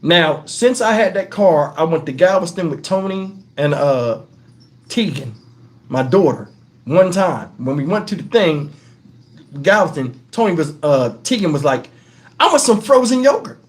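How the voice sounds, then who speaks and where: A man from Texas, USA, hosts his own channel and tells a casual story to camera. His voice sits on the high side and he takes his time. He's animated and profane, rambling through plenty of asides.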